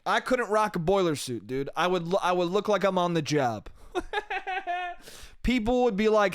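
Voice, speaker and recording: Pitched on the high side with big swings in intonation, this young man talks at a normal speed. He hosts a solo comedy podcast, wandering off on tangents, making fun of himself, cursing freely, and calling his listener bro and dude. The sound is dry and studio quality.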